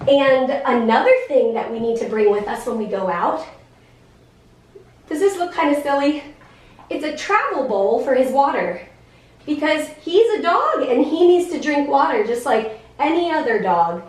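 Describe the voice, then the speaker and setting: A woman in her thirties explaining things to a class of children, in an animated, sing-song, teacherly way with many questions. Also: high-pitched. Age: 30s. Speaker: guest speaker in a special education class. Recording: echoey classroom, voice from far off.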